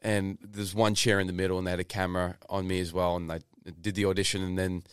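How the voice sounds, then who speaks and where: Young Australian guy, deep and smooth, rambling storyteller, dry close mic. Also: level tone, quick pace, dry recording. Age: 20s. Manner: rambling, lots of fillers and restarts, swears casually. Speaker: podcast guest, actor. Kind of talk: casual interview storytelling.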